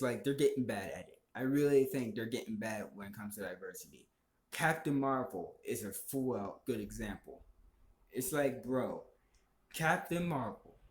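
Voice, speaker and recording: Man, vlogger, heated profane rant, rambling, average pitch, echoey room. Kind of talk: casual opinion rant.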